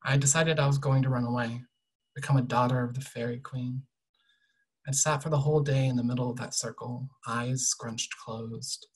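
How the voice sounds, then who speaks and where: A young author reads from their own novel in a quiet, measured way. The voice is husky and breathy, sitting at a middle pitch. Sentence endings often fall away softly. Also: fairly even intonation, low-quality recording. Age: young adult. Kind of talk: literary reading of a novel excerpt.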